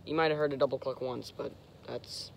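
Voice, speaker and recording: A young man casually explaining hunting call technique, halting and searching for words, with short clipped demonstration sounds. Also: mid-range voice, steady tone, vocal fry, slight background noise. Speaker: host. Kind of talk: casual instructional talk.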